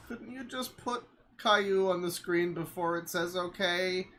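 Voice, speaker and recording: A man's voice: sits high, sharp tone, a little hiss or hum. A man streaming live, reacting to videos with sarcastic, exasperated, profane rants.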